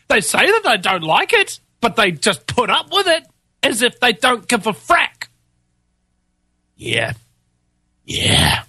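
Angry, sharp-voiced New Zealand man ranting. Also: very high-pitched, huge pitch swings, takes it slowly, pauses often, slightly rough, no room sound. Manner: angry, sarcastic, blunt. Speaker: political commentator. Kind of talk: ranting monologue.

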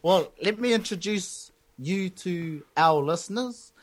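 A man's voice: sits high, lively intonation, unhurried. A Māori-speaking man hosting a casual podcast, rambling and joking. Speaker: podcast host.

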